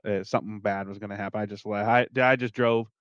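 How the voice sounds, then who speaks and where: A man's voice: fairly low pitch, fast talker, clear, resonant tone, dry recording, lo-fi sound. A man who runs the racing league, chatting casually about his race and the schedule, swearing and laughing along the way. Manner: relaxed, swears, laughs often. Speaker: league organizer and commentator. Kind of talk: casual chat.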